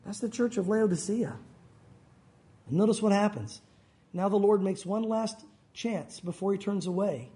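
Male preacher with a very high voice, emphatic sermon delivery, acts out quoted voices. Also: moderate pace, mellow. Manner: acts out quoted voices, rising pitch for pleading lines.

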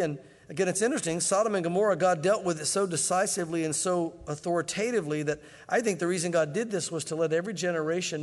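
A man's voice: high voice, in a large hall. A man preaching a Bible-teaching sermon in a conversational way, with joking asides. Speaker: pastor.

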